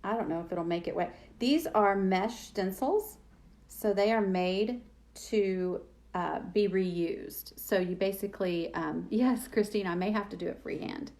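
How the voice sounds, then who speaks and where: A woman's voice: medium pitch, unhurried, darkish tone. A woman hosting a live craft demo, chatting with viewers and thinking aloud as she works. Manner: chatty, self-deprecating, thinking aloud while working. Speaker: DIY crafts host.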